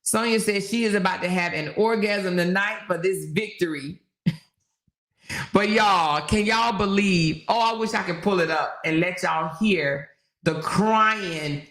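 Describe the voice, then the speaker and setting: A woman's voice: mid-range voice, slow, a bit bright. A woman hosting a casual livestream chat, reading viewer comments aloud and laughing often. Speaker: livestream host. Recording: roomy echo.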